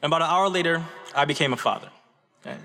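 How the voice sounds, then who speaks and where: A man's voice: a little high, very fast, pushed and bright. A man from Michigan giving a graduate convocation speech at a podium, telling a story earnestly and tossing in "right?" asides to the audience. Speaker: graduate student speaker. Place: large auditorium. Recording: echoey auditorium reverb.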